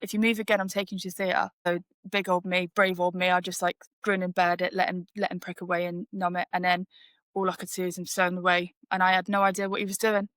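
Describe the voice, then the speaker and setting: A woman's voice: fairly low pitch, monotone, brisk, fairly bright tone, no room sound, clean studio sound. A woman telling her story in casual podcast chat, chatty with many fillers. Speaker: podcast host.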